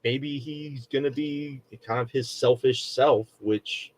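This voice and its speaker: A man's voice: mid-range voice, fairly even intonation, takes it slowly, poor audio. A middle-aged man co-hosting a podcast, chatting casually and rambling through a review with lots of fillers and restarts. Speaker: podcast co-host.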